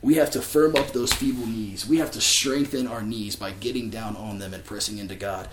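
In a relaxed sermon, this preacher narrates a story with a lowish, fairly even voice at a brisk clip. The room sounds spacious, and his delivery is conversational, packed with ums, likes, and false starts.

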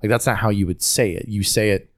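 A man's voice: lowish voice, steady tone, quick pace. A man from North Carolina with a Southern accent, talking casually on a podcast in a rambling way, often restarting his sentences. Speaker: podcast host. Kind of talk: casual chat.

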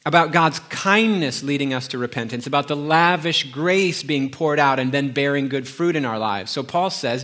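A man's voice: mid-range voice, animated, normal speed, few pauses, fairly bright tone. A middle-aged man preaching a sermon, telling a family story and acting out the dialogue in a conversational way. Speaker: pastor.

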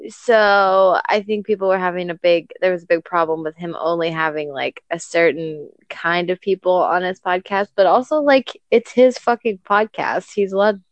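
A woman's voice: lowish voice, no room sound, highs cut off. A woman co-hosting a casual podcast, rambling, laughing often and swearing freely. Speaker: podcast co-host.

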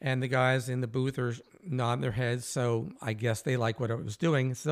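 A male interviewer recounting a tale in a casual, animated way. He acts out the quoted lines and laughs easily as he goes. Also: mid-range voice, moderate pace, hardly any pauses. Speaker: host.

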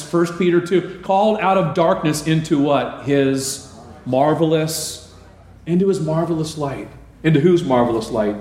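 A man's voice: on the high side, a little mellow, reverberant. A man preaching a sermon as a pastor, asking the congregation questions and answering them himself.

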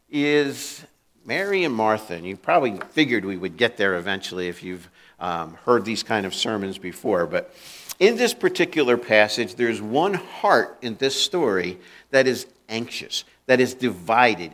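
A man's voice: mid-range voice, a bit bright. A male pastor preaching a conversational sermon, acting out the voices he quotes and often restarting and repeating his words.

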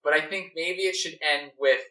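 A young man casually brainstorming a story, rambling with many fillers and animated restarts, recorded roomy and off-mic. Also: on the high side, normal speed, distant mic. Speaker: story co-writer.

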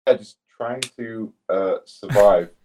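A man's voice: lowish voice, slow, warm tone, a little hiss or hum. A man co-hosting a podcast, rambling through sweary stories in casual chat. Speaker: podcast co-host.

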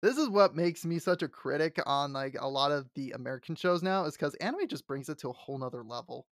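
Guy cohosting a nerdy podcast, kinda high voice, gets excited, laughs a lot, dry close mic. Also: quick pace, dry recording. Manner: excitable, laughs often, stumbles and restarts. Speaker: podcast co-host. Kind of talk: casual chat.

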